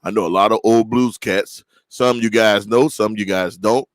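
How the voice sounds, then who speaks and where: A man's voice: fairly low pitch, fairly even intonation, normal speed, no echo, rough recording. A man with an East Texas Southern accent hosting a livestream, chatting casually and telling folksy, rambling stories. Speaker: livestream show host.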